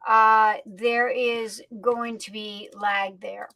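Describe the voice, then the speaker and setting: A woman hosting a casual livestream, greeting viewers by name in a chatty way with lots of drawn-out fillers. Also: on the high side, little pitch movement, dry recording, dull audio. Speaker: livestream host. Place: home streaming setup.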